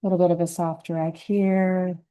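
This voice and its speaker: Woman painting instructor; warm, low-pitched, relaxed, narrates her brushwork as she goes. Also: clean tone, rough recording. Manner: gentle, unhurried, thinking aloud while painting. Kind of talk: step-by-step painting lesson.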